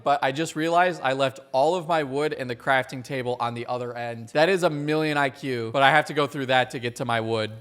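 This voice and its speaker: A man's voice: medium pitch, fairly bright tone. A young man giving casual, joking gameplay commentary as a streamer, swearing and yelping when surprised. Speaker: gaming streamer.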